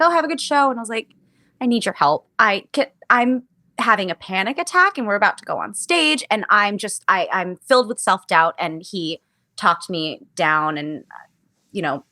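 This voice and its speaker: This young woman, a musical theater performer, is a lively storyteller in a casual interview who imitates the people she quotes and says "like" a lot. Her voice is fairly low and the recording is dry.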